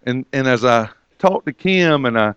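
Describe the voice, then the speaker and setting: A man's voice: medium pitch, expressive, moderate pace, a bit bright, clean tone, dry recording, dull audio. A man preaching, retelling a conversation and quoting the other person with a lifted voice. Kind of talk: sermon storytelling.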